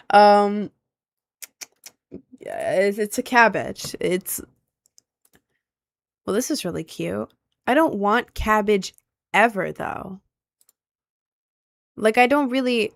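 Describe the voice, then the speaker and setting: A woman's voice: medium pitch, no echo. A young woman streamer chatting casually with her viewers, rambling and easily sidetracked in an upbeat way.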